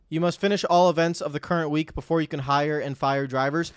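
A young man commenting on his own racing game play, muttering to himself and yelling when things go wrong. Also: a little high, fast talker, hardly any pauses, no echo, soft background music. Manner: excitable, yells when wrecked, mutters to himself. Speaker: gaming YouTuber.

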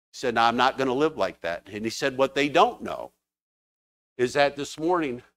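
Male preacher, mid-pitched, lively testimony delivery, dry mic. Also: no room sound. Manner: fervent, animated storytelling with exclamations. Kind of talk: sermon. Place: church.

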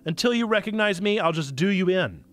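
Guy reading a cocky girl fighter, taunting, bright voice. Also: sits high, lively intonation, a little fast, dry recording. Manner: playfully reading dialogue. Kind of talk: reading his childhood story aloud.

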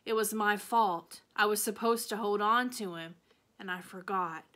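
A woman teacher reads the final chapter of a children's novel aloud, storytelling expressively and changing her voice for each character. She speaks at a medium pitch and a moderate pace.

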